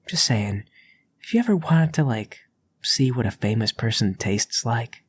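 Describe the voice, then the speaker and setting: A man's voice: mid-range voice, animated, a little slow, slight background noise, natural voice. A man playing a wheedling, chummy creep. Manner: wheedling, offhand. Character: creepy, chummy male cannibal.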